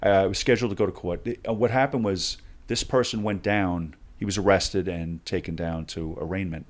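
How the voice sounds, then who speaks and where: Deep-voiced man telling a story. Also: brisk. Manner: animated storyteller acting out dialogue. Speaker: guest, former hostage negotiator. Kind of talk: storytelling in a podcast interview.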